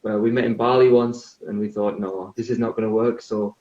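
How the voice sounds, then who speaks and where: A man's voice: on the low side, steady tone, fairly quick, darkish tone, roomy sound, lo-fi sound. Easygoing young man from northeast England. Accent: northeast English. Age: 20s. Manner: easygoing and chatty, with light laughs. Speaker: guest. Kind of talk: casual interview chat. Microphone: video call.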